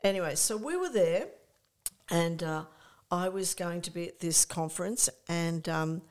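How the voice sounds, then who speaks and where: An older woman, a guest in a casual interview, telling lively anecdotes with many restarts and fillers. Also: fairly low pitch, unhurried. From Australia.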